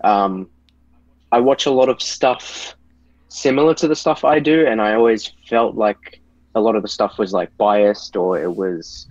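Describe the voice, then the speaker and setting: A man's voice: lowish voice, a little slow, darkish tone, no echo. A man chatting casually as a podcast guest, laid-back and full of "like" fillers. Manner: laid-back, hedging with lots of "like". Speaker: guest, YouTube reviewer. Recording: dull, slightly lo-fi sound.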